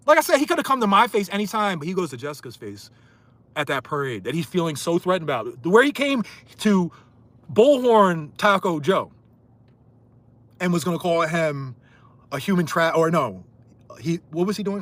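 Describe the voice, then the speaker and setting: A man's voice: sits high, dry recording. Angry man ranting on a livestream. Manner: angry, insulting, swings between loud and muttered. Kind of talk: heated livestream rant.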